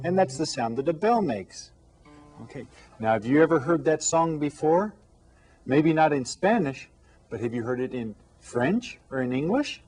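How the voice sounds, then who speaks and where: A man teaches young children Spanish, speaking slowly and carefully in a plain mid-range voice. He moves patiently between English explanations and Spanish words. Soft guitar music plays faintly underneath. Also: medium pitch, lively intonation. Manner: slow, clear, patient teacher talk mixing English and Spanish. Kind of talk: classroom lesson for children.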